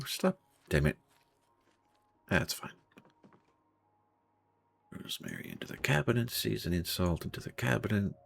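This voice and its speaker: A man's voice: sits low, creaky, a little hiss or hum. A man streaming a game live, muttering through his looting and reacting to chat in casual commentary.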